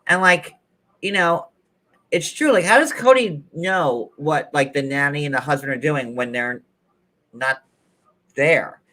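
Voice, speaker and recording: A man hosting a casual gossip chat, telling stories in an animated, theatrical, campy way. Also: fairly high pitch, a little slow, pauses often. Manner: animated, camp, theatrical storytelling. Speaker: show host.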